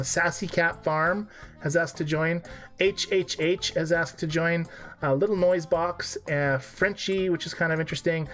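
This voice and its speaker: A man co-hosting a casual game live stream, joking and laughing at himself as he plays. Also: fairly high pitch.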